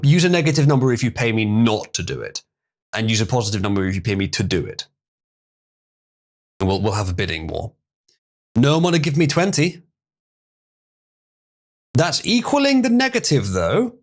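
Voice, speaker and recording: A man's voice: fairly low pitch, very animated, normal speed, long pauses. A man casually chatting on a live stream, reading hard terms aloud and stumbling over some words.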